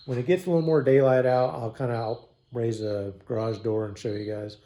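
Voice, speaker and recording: A man talks casually to his viewers from his home garage. He swears freely and slips in dry sarcasm. His pitch sits in an ordinary middle range. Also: a little fast, hardly any pauses, mellow. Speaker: DIY mechanic vlogger.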